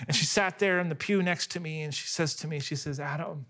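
A man in his thirties preaching a sermon, telling a story with animated delivery, often restarting on repeated words. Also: on the high side, brisk, few pauses. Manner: animated storytelling, voice rising when excited and dropping soft for quiet moments. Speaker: pastor.

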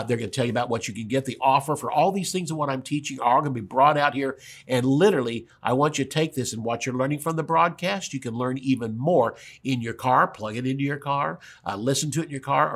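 A male pastor teaching verse by verse on a broadcast, stressing and repeating key words. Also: mid-range voice.

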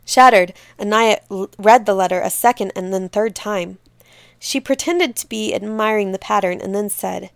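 A woman reading a folk tale aloud as a storyteller, with expressive, measured narration. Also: mid-range voice, gravelly, clean tone, no room sound, clean studio sound.

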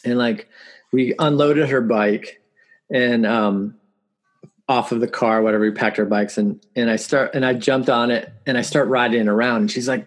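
A man in his forties chatting as an interview guest, his voice a little husky. He tells stories loosely, breaking into laughter and acting out what people said. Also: medium pitch, moderate pace. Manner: storytelling, laughs often, acts out quotes. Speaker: musician guest. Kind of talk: casual interview chat.

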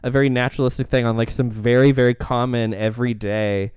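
Another co-host of the casual film podcast speaks fast in a flat, darkish, mid-range voice. He rambles, laughs frequently, and quotes movie lines in put-on voices, and his clean studio recording has no echo.

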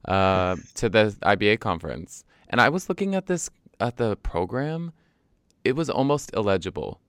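A man's voice: lowish voice, very animated, moderate pace, fairly bright tone, smooth, dry recording, studio quality. A man co-hosting a podcast, joking lightly and steering the talk from one topic to the next. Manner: joking, upbeat, leads the topics. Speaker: podcast co-host. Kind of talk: casual podcast chat.

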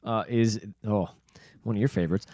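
A man's voice: fairly low pitch, fairly even intonation, moderate pace, dark tone, dry recording, clean studio sound. A man in casual podcast chat, agreeable and chiming in with details.

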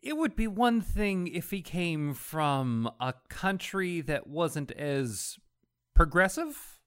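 Casual co-host, slow and halting, animated pitch swings. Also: male voice, smooth. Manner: halting, restarts, laughs often. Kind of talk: casual chat about comics.

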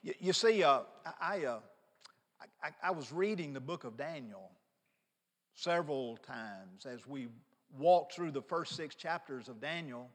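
A man's voice: on the high side, lively intonation, measured pace, in a large hall. A man in his fifties preaching a sermon as pastor, emphatic and repeating key words for stress. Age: 50s.

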